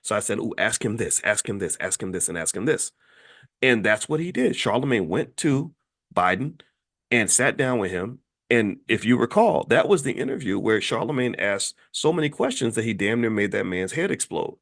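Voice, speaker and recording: A man giving an emphatic, animated monologue in casual commentary, often repeating himself and swinging from low, quiet lines to high, loud ones. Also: normal speed, vocal fry. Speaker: commentator on Black economics.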